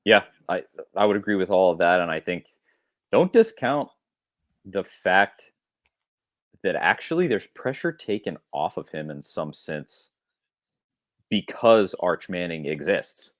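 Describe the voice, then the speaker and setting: Podcast co-host, man, low voice, casual rambling delivery, dry room. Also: animated, unhurried, pauses often, dry recording. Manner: rambling, thinks aloud, restarts often. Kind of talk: casual sports talk.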